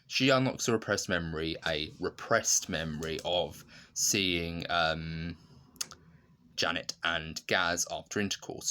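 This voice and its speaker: A man's voice: sits low, sharp tone. A man giving a casual, chatty review of a TV sitcom, retelling scenes with lots of fillers and laughter.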